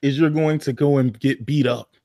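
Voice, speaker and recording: A man's voice: mid-range voice, fairly even intonation, normal speed, warm tone, no room sound, studio quality. A man, a guest on an online show, who talks in slang and teases the others. He often repeats his first words before getting going. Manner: slangy, teasing, stammering starts. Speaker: podcast guest. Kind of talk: casual chat.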